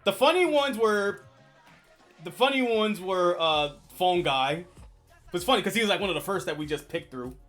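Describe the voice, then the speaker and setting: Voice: mid-range voice, expressive, moderate pace, a bit bright, soft background music. A streamer chatting casually on a livestream, rambling with lots of fillers and restarts.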